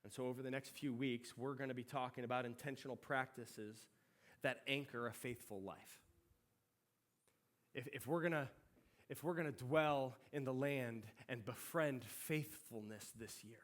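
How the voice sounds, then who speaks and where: A middle-aged man pastor preaching a sermon, telling a story in an animated, conversational way. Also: medium pitch, normal speed.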